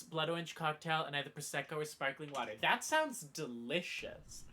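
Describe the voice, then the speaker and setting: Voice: mid-range voice, lively intonation, a little fast, hardly any pauses, pushed and bright, a little hiss or hum. A livestreamer rambling in casual chat with viewers, playful and full of mock outrage and self-interruptions.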